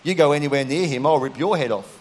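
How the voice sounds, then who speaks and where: A man voicing a blunt, protective male angel who threatens a lion in a low, streetwise tone. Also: quick pace, lightly acted. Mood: threatening.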